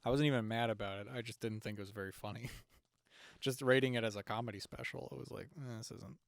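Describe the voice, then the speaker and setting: A man's voice: lowish voice, fairly even intonation, fast, gravelly, no echo, clean studio sound. A young man co-hosting a podcast in casual chat, rambling with lots of fillers and restarts. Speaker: podcast co-host.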